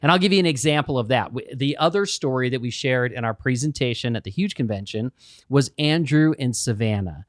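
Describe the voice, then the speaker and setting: A man's voice: mid-range voice, brisk, no echo. Man telling a business story, dry sound. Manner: storytelling, animated retelling of quotes. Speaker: podcast co-host. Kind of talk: casual business podcast chat.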